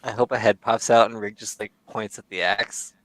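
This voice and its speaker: A man playing a tabletop game, talking deadpan about his character in the third person. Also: fairly low pitch, normal speed, dry recording, low-quality recording. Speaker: player. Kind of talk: casual tabletop game chat.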